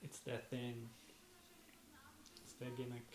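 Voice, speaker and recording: A woman with a very low voice trades dry, wry remarks as a podcast co-host in casual watch-along commentary. The recording is roomy and echoey, with a faint hiss underneath. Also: monotone, slow.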